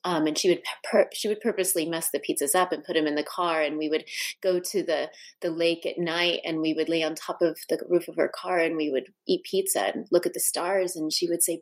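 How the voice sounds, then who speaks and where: Middle-aged woman guest, slightly low voice, earnest, tells stories with frequent restarts. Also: fairly even intonation, brisk. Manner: heartfelt, with many restarts and asides. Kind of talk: personal storytelling in a conversation.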